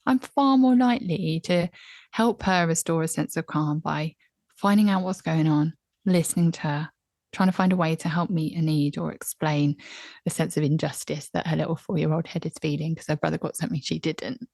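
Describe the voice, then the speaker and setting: A woman talks openly as a podcast guest. Her lowish voice carries a gravelly fry, recorded dry and close. She often slips into quoting her own inner thoughts with animation. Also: moderate pace, dry recording. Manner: candid, expressive, acts out her own inner voice. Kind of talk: conversational interview. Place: home, on a laptop call.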